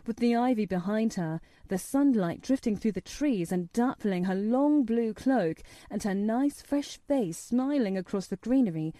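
A woman narrating an audiobook in a gentle, measured storytelling manner. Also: fairly high pitch, no echo. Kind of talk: audiobook reading.

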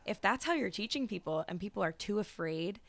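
Gravelly, opinionated woman co-host. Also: mid-range voice, lively intonation, brisk, no room sound. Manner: opinionated, thinks aloud with restarts. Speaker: podcast co-host. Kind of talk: casual podcast chat.

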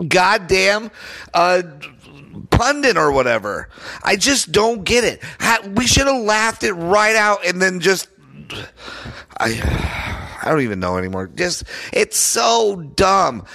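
A man's voice: high voice, gravelly, bright, forceful tone. A man hosting a solo sports podcast, ranting in a heated, profane and sarcastic way.

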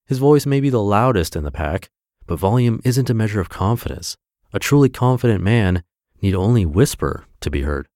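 A man hosting a podcast, reading essays aloud in a measured, expressive narration. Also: low voice, no room sound, clean studio sound. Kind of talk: scripted narration.

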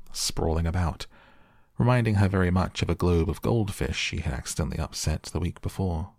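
Deep gravelly bedtime narrator, man. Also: dry recording, studio quality. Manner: calm, slow, soothing. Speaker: audiobook narrator. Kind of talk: soft bedtime storybook reading.

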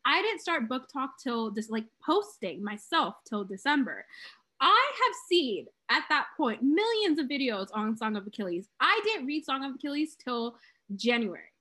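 A woman's voice: high-pitched, very animated, moderate pace, sharp tone. A young woman as a podcast guest in casual chat, gushing and dramatic, often acting out her own reactions. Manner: gushing, dramatic, quotes herself a lot.

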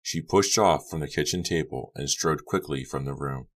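A man narrating an audiobook in a steady, dramatic reading. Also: very deep voice, normal speed.

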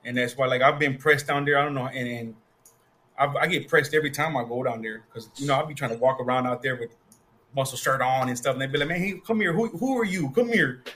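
A man's voice: mid-range voice, fast talker, a little hiss or hum. A man in casual chat, telling stories and acting out quoted voices. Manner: animated storyteller, acts out quoted voices.

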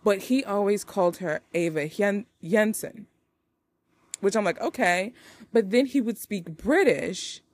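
A woman's voice: mid-range voice, moderate pace, hardly any pauses, darkish tone, no echo. A woman hosting a movie review podcast, chatting casually and animatedly with playful wordplay. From United States. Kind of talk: casual chat.

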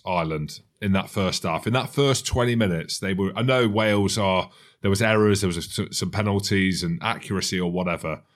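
Low-voiced, teasing podcast host. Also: male voice. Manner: enthusiastic, teasing banter. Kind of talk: casual sports chat.

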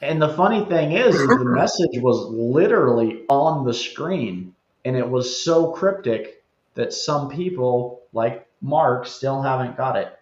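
A man with a mid-pitched voice talks as a guest, wry and talkative. His voice comes over roomy, dull remote audio. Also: expressive, a little slow. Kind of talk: casual chat.

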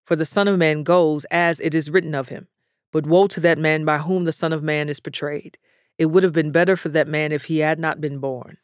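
A man reading the words of Jesus, a grave and measured teacher, in a plain voice. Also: a little high, steady tone, clear, resonant tone, dry recording, studio quality, natural voice. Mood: solemn. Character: Jesus, grown man teacher, calm and solemn.

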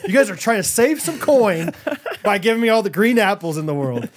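Animated ranting man, high voice. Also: a little fast. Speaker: podcast co-host. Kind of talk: casual chat.

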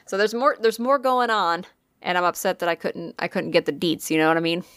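A woman's voice: fairly low pitch, steady tone, fairly quick, fairly bright tone, smooth, no room sound, clean studio sound. A woman co-hosting a podcast, telling a ghost story in casual chat, swearing freely and using lots of fillers.

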